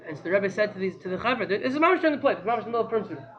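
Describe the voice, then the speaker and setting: A man teaching a class by telling a story in an animated, excitable way, repeating phrases for emphasis. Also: high-pitched, very fast, muffled recording.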